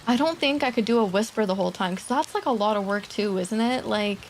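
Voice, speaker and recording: Quiet gravelly-voiced woman streamer. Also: medium pitch, fairly quick, slight background noise. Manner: soft-spoken, talking quietly; laughs often, swears casually. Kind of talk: casual livestream chat. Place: home streaming setup. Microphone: desk streaming mic.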